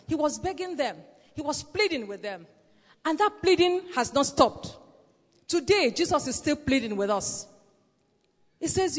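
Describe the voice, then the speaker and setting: A woman's voice: sits high, big pitch swings, moderate pace. A woman preacher giving an earnest sermon, repeating phrases and calling out praise as she exhorts the congregation. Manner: earnest, repetitive exhortation with "Praise the Lord" interjections. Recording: long hall reverb.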